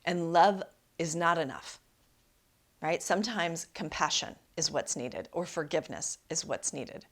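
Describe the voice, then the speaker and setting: A woman's voice: sits low, measured pace. A woman life coach hosting a podcast, telling a personal story and giving relationship advice in an emphatic, conversational way, often asking "right?". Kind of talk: solo podcast talk.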